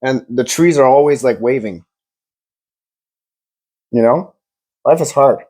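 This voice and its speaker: Recorded on a phone camera, a male podcast co-host with a slow, mid-range, slightly mellow voice jokes crudely and rambles. He says random things as he goes.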